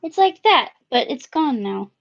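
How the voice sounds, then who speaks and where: A playful, mischievous cartoon girl, as a woman voices her. Her high, lively voice bubbles with giggles. The recording sounds dull and lo-fi. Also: a little slow, creaky, heavily acted. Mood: relieved.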